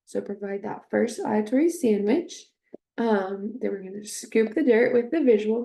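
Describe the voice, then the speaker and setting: A woman with a mellow, gravelly voice talks slowly through an instructional demonstration. She hesitates often with fillers, then models short phrases with drawn-out, heavily stressed words. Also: medium pitch. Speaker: speech therapy instructor.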